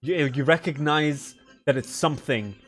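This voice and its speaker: A man's voice: fairly high pitch, normal speed, a bit bright. A man running a tabletop game as game master, explaining rules casually with hesitant fillers.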